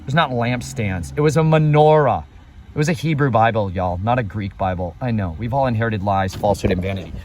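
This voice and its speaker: A man vlogging outdoors in a preachy, excitable way, exclaiming at the scenery and slipping into sermon-like asides. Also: fairly low pitch, brisk, background noise. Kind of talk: preachy outdoor travel vlog.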